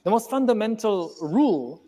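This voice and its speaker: A man in a played clip giving a deliberate, explanatory analysis, with some stumbling restarts. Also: high voice, animated, warm tone. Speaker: public intellectual in a played clip. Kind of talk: measured analytical speech.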